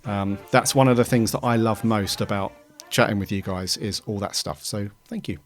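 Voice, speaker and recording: Man, podcast host, low voice, easygoing and rambling, faint music behind. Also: moderate pace. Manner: easygoing, thankful, rambling with ums. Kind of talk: casual chat.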